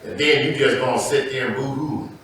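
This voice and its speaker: A man preaching a sermon as pastor, telling stories and calling out "amen?" to the congregation, swinging between loud and soft. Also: medium pitch, steady tone, a little fast, slight background noise. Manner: call-and-response preaching, repeating "amen?"; storytelling preacher with sudden loud and soft turns. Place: church sanctuary. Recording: echoey church hall, mic at a distance. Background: congregation responding.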